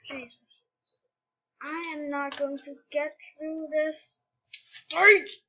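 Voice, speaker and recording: A woman narrates her gameplay in a high, bright voice, talking slowly and unhurriedly. She keeps exclaiming and complaining in frustration. The mic sounds a little dull and lo-fi. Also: level tone. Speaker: gamer. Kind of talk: casual gameplay commentary.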